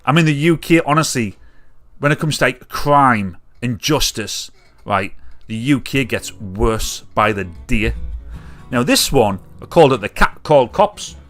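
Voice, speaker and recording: A British man hosting a live comedy stream, ranting casually with jokes and loud mimicked honks. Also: mid-range voice, expressive, a little slow, soft background music. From United Kingdom. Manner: chatty, jokey, mimics catcallers with loud honks and whoops. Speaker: livestream comedy show host.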